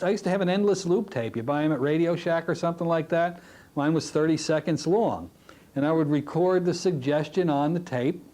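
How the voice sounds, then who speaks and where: A middle-aged man teaching a recorded hypnotherapy lesson, telling stories from his practice in a lively way. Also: on the high side. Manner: animated storytelling, drops to a soft hypnotic voice when demonstrating. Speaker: hypnotherapy instructor. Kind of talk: recorded training lecture.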